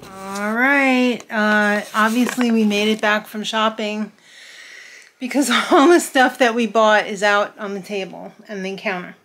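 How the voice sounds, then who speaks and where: A young adult woman giving a casual, chatty vlog update, upbeat and quick to laugh. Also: mid-range voice, steady tone, fairly bright tone, slight background noise. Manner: chatty, upbeat, laughs often, many fillers and restarts. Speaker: vlogger host.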